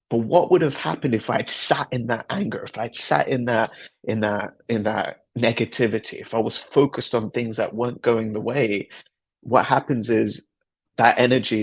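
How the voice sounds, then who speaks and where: A man with a fairly low, slightly rough voice hosts a podcast, telling a personal story meant to motivate. He's earnest and reflective, repeating things often.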